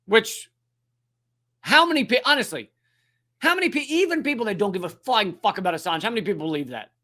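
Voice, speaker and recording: A man's voice: high-pitched, animated, fairly quick, pushed and bright. A man hosting a comedic news commentary show, ranting sarcastically and swearing often. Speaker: host.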